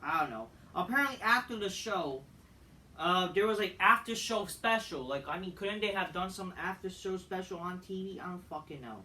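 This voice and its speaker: Exasperated man ranting, bright and high. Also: lively intonation, moderate pace, distant mic, slight background noise, poor audio. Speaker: wrestling show reviewer. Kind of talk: ranting casual review.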